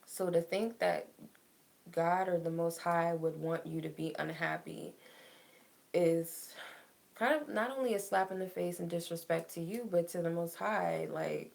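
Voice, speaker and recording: A woman's voice: fairly low pitch, a little slow, creaky, a little mellow. A young woman tarot reader talking casually and emotionally to her viewers about letting go, filling her speech with "like". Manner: emotional, heartfelt, says "like" often. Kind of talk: casual spiritual talk to viewers.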